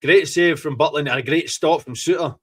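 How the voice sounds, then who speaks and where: An excitable Scottish man with a slightly raised voice gives a running live reaction to a football match. He gloats, curses freely and gets swept up in each moment of the game. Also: a little high, brisk, husky. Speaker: fan podcast host.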